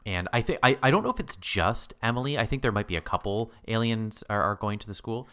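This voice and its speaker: A man co-hosting a podcast, chatting casually about a TV episode, animated and laughing often. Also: fairly low pitch, fast, clean tone. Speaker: podcast co-host. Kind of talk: casual chat about a TV show.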